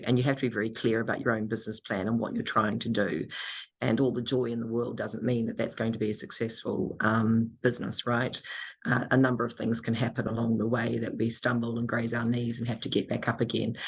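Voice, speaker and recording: A man on a conference panel giving a measured, thoughtful answer with frequent pauses. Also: mid-range voice, gravelly, breathy edge. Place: conference room.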